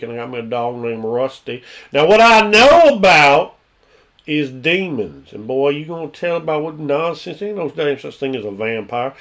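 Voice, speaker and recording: A man's voice: fairly high pitch, a bit bright, natural voice. A man voicing a stubborn demon hunter with a folksy drawl who lectures in a blustering way. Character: grizzly rural male demon hunter, gruff and stubborn.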